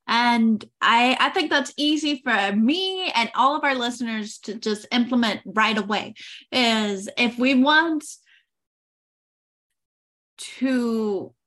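Woman podcast host, encouraging, fairly high voice, crisp bright tone. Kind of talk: interview conversation.

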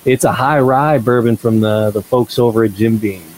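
A man's voice: mid-range voice, normal speed, darkish tone, low-quality recording. A man co-hosting a casual podcast chat, laid-back and rambling, often restarting his sentences. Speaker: podcast co-host.

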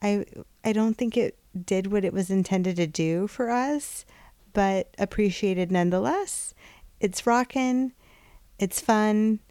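Slow, soft-spoken woman co-host. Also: mid-range voice, smooth, no echo, clean studio sound. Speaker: podcast co-host. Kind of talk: casual chat.

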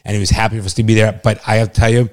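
A man's voice: on the low side, flat delivery, very fast. A middle-aged man talking as father and co-host in a casual family chat, emphatic and insistent, swearing freely. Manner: emphatic, heavily profane, insistent.

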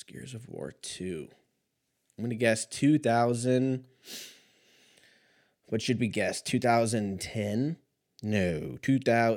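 Laid-back young man, lowish voice. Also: a little mellow. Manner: profane, rambling, laid-back. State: slightly rough from a recent cough. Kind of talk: casual solo chat.

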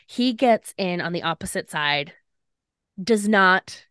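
A woman's voice: on the low side, slow pace, clear, resonant tone, no echo, clean studio sound. A young woman co-hosting a podcast, telling a personal story casually, full of "like" and acted-out quotes. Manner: animated, fillers of "like", acts out quoted lines. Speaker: podcast co-host.

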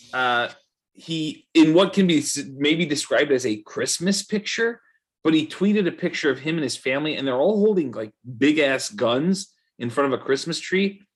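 A man co-hosting a podcast, chatting casually in a loose, profane, ranting way. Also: on the high side. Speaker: podcast co-host. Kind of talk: casual chat.

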